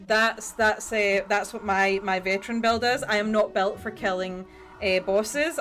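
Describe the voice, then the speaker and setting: A woman's voice: medium pitch, fairly bright tone. A middle-aged woman, rambling in a casual chat while she paints on a livestream and swearing freely. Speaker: streamer.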